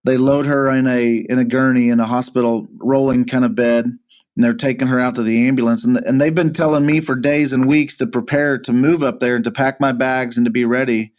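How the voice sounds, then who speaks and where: A man's voice: mid-range voice, level tone, a little fast, a little mellow. A male pastor from Missouri, a podcast guest, earnestly telling his own life story with frequent restarts and repeated words. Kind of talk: personal testimony in a podcast interview.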